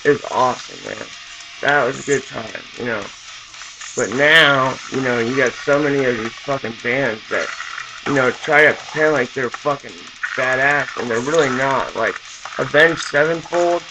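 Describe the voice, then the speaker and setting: Gravelly young man ranting to camera. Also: mid-range voice, moderate pace, background noise. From Southern California. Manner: profane, rambling, full of fillers. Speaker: vlogger. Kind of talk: casual rant to camera. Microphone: camera mic.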